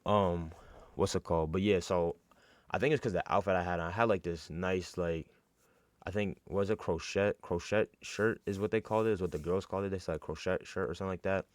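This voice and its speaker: A man's voice: sits low, fairly even intonation, fairly quick, no room sound. A young man from New York telling a casual, slangy story with lots of fillers and restarts.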